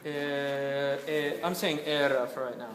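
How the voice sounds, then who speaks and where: A man's voice: medium pitch, fairly even intonation, measured pace, noisy background. A man directing a choir rehearsal, patiently modeling words for the singers to repeat. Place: rehearsal room. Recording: echoey room from a distance with music.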